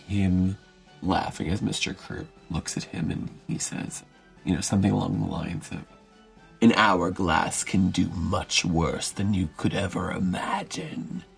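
A man's voice: on the low side, gravelly. A man playing a tabletop game, describing his character in a playful, wry way. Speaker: player. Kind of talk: tabletop role-play.

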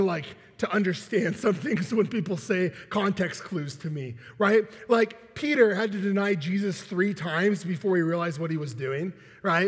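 A man with a high, slightly husky voice preaches a sermon in a loose, joking way and pokes fun at himself. His voice rings out with a long reverb, as if in a large hall. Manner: conversational and joking, with self-deprecating asides and chuckles. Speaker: pastor.

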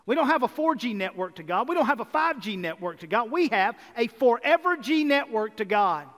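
A man preaching a sermon as pastor, energetic and building to emphatic repeated lists. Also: extremely high pitch, brisk. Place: church sanctuary. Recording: reverberant hall.

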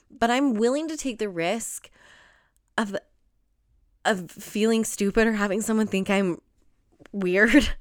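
Earnest woman podcaster, smooth and close. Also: fairly high pitch, no echo. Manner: earnest and emotional, with frequent "like" and "right?". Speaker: podcast host. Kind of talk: casual solo podcast talk.

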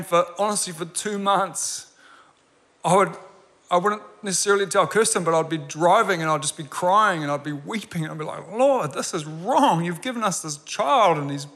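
40s guy preaching in a church hall, kinda high voice, earnest, big reverb. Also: sharp tone. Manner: earnest, builds to emphatic repeated lines. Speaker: pastor. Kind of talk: sermon with personal story. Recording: long reverb of a large hall.

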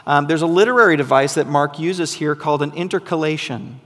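A man's voice: a little high, brisk, a bit bright, in a large hall. A man, a pastor, reading scripture aloud and preaching a Sunday sermon, breaking off to explain and teach. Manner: reads aloud with asides, teaching tone.

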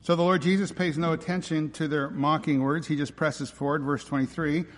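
A man's voice: on the high side, fairly even intonation, fairly quick, big-room sound. A man preaching a sermon as pastor, emphatic and driving, often posing rhetorical questions.

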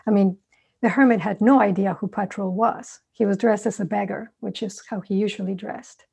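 A woman meditation teacher giving a dharma talk, telling stories in a relaxed, conversational way with thoughtful asides. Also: mid-range voice, moderate pace, creaky, breathy edge.

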